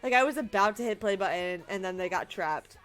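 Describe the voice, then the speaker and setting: A woman's voice: mid-range voice, animated, a little fast, faint music behind. A woman in her late twenties, a streamer telling viewers about her day in an emotional, rambling way, laughing through tears. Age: late 20s. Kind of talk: casual storytelling to viewers.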